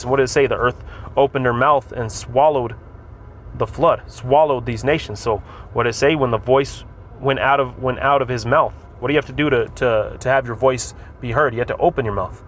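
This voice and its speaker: A man's voice: mid-range voice, steady tone, fairly quick. Man teaching scripture casually over traffic. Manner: informal, repetitive, frequent "man" and "all right". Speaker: religious teacher.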